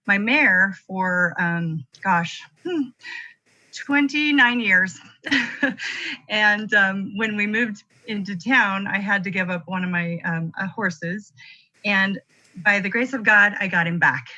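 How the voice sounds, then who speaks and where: Woman on a muffled call, bright voice, lots of ums, friendly. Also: mid-range voice. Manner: friendly, hesitant with many fillers. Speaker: guest on a group call. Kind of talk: casual self-introduction.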